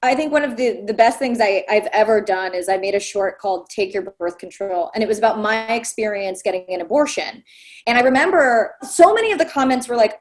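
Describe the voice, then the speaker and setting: A woman's voice: mid-range voice, animated, a little fast. A woman in her thirties, an actress, talking casually over a video call in a wry, self-deprecating way. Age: 30s. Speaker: actress guest.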